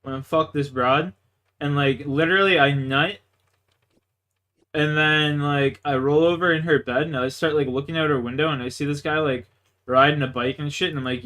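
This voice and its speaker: A man's voice: fairly high pitch, steady tone, normal speed, pushed and bright. A young man from Canada livestreaming a game, telling crude, boastful stories in a rambling way full of "like" fillers. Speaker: gaming livestreamer. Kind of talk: casual storytelling chat.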